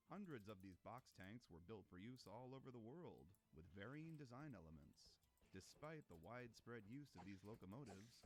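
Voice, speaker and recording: A man reading scripted narration in an informative, measured way. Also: on the low side.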